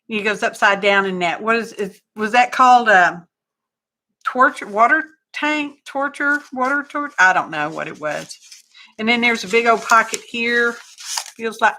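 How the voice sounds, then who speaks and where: Folksy woman, craft livestream host, bright and chatty. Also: mid-range voice. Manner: chatty and folksy, greets viewers by name, says y'all. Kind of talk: casual live craft chat.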